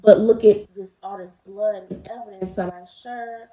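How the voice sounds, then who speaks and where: A woman's voice: mid-range voice, steady tone, moderate pace, lightly acted. A woman quoting a begging, panicked man. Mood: alarmed. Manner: begging, repeating "baby". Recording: roomy, slightly dull home recording.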